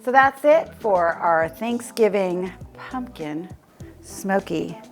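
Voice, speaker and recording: A chatty woman hosts a relaxed cooking demonstration from her home kitchen and laughs easily. Music plays clearly behind her voice. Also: mid-range voice, slow pace. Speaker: cooking show host. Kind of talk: casual cooking demo.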